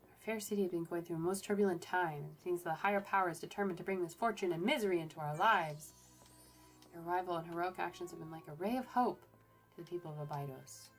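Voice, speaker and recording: A formal, grateful ruler of a city speaks in stately, measured phrases, voiced by a woman reading the game text aloud. The voice sits a little low, with faint music underneath. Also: lightly acted.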